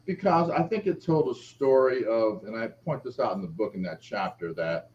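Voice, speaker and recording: A middle-aged man, an author being interviewed, telling a personal story and acting out the quoted voices. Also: normal speed. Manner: lively, acts out quoted speech with shifting pitch. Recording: dull lo-fi audio with faint background noise.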